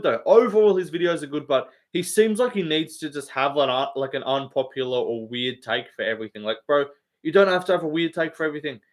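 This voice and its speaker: A young Australian man hosting a live stream, chatting casually and rambling with lots of fillers, swearing and laughs. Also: fairly high pitch. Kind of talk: casual chat reading live comments.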